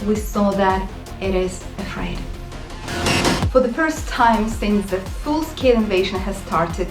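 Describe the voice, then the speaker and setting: A woman's voice: mid-range voice, lively intonation, measured pace, roomy sound, over music, low-quality recording. A woman from Ukraine with a Ukrainian accent, hosting her channel and giving passionate, sarcastic commentary in English. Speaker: channel host.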